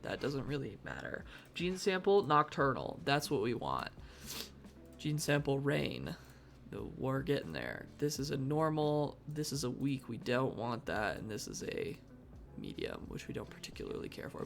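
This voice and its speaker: Gravelly, lively live-game streamer. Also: medium pitch, moderate pace. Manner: thinks aloud, mock-dramatic outbursts of frustration. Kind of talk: live gameplay commentary. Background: faint background music.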